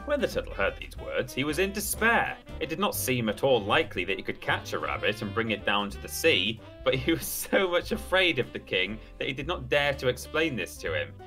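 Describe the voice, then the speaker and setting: A man co-hosting a livestream and reading a story aloud with expressive, animated storytelling. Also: medium pitch, fairly quick, few pauses, faint music behind, poor audio. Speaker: streamer and co-host.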